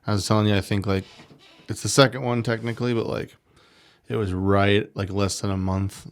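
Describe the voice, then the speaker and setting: A man's voice: lowish voice, fairly even intonation, a little fast, clear, resonant tone. A married man co-hosting a podcast, talking in a loose, rambling way full of "like" and "you know". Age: adult, married. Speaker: podcast co-host. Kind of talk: casual chat.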